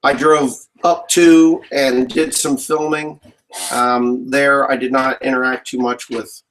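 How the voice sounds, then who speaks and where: A man's voice: mid-range voice, level tone, slow, a bit bright, slight background noise, rough recording. A man, a farmer, casually answering viewer questions in a rambling, joking way. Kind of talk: casual live Q&A chat.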